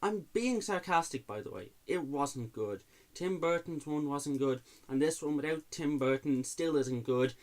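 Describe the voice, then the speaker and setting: A man's voice: mid-range voice, measured pace, hardly any pauses, darkish tone. A man reviewing films in an exasperated, sarcastic rant, swearing freely. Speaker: movie reviewer. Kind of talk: ranting movie review.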